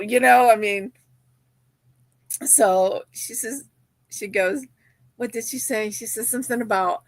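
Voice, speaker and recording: Woman, livestream host, casual rambling chat, mid pitch, dry close mic. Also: lively intonation, a little slow, no echo. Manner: chatty, reads viewer comments aloud, many fillers.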